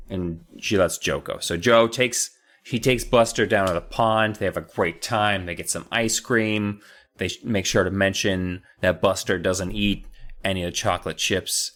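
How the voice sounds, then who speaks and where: A man's voice: low voice, normal speed. A man co-hosting a comedy podcast, retelling a book in casual, profane chat and jumping into silly voices. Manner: animated, profane, jumps into silly character voices.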